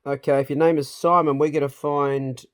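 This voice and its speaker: A man's voice: a little high, flat delivery, moderate pace, no echo. A man hosting a casual, jokey vlog tour of a farmhouse build site outdoors. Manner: chatty, jokey, matey. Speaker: vlog host.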